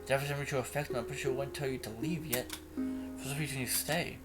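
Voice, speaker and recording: A man voicing a shy, bookish teenage girl who speaks in a hesitant, halting way, with music playing underneath. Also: medium pitch, fairly even intonation, lightly acted. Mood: sad. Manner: hesitant, halting, soft-spoken.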